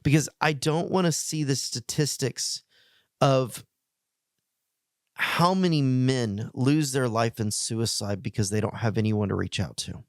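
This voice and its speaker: A middle-aged male pastor giving a heartfelt, plainspoken message to men, earnest, with emotional pauses. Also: medium pitch, dry recording, studio quality.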